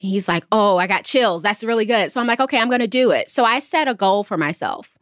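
A woman in her thirties, a business founder, talking through her story as an interview guest. She is animated and jumps up in pitch whenever she quotes someone. The sound is close and dry, with no room echo. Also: fast talker. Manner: animated, jumps up in pitch when quoting others. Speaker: entrepreneur guest.

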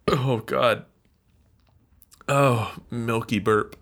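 A man's voice: mid-range voice, animated, extremely slow, fairly bright tone. A man hosting a solo podcast, talking in a bitter, rambling, self-mocking rant with swearing. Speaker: podcast host.

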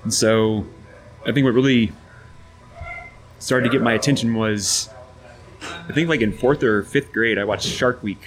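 A man's voice: lowish voice, measured pace, pauses often. A man who is a geology professor, thoughtfully explaining his interests as a podcast guest. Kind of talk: casual interview answers.

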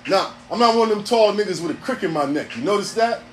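A man's voice: sits high, expressive, fast, a little hiss or hum. A man, hosting a podcast in a blunt, profane, streetwise ranting monologue. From New York City. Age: 40s. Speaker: podcast host.

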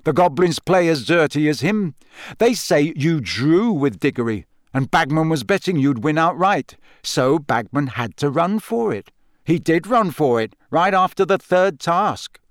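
A man's voice: a little high, lively intonation, a little slow, no echo, pitched above the performer's own voice. A wry teenage prankster, voiced by a man, with a dry sense of humor. His voice sits somewhat above the reader's own, in a close and dry recording.

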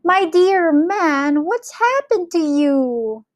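A woman voicing a flustered, easily frightened mother in a storybook reading, with high fluttering cries. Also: slow pace, no room sound, studio quality. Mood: alarmed.

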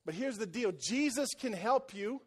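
A church pastor delivers a sermon, repeating phrases for emphasis and alternating between quiet, intense stretches and loud, excited bursts. His voice is high-pitched and slightly rough, at a normal speed.

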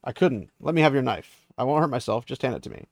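A young woman held captive, grim and resigned, laying out what she can and cannot do, as a man retells her lines. The voice is gravelly and dry, with no room sound. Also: mid-range voice, lively intonation, fast, no echo. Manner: loose paraphrase, near his own voice.

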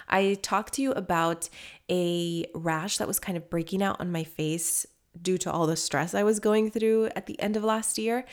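A young woman hosting a skincare podcast, chatting candidly and laughing often, her voice congested from allergies. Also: lowish voice. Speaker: podcast host and esthetician. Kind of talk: casual solo podcast chat.

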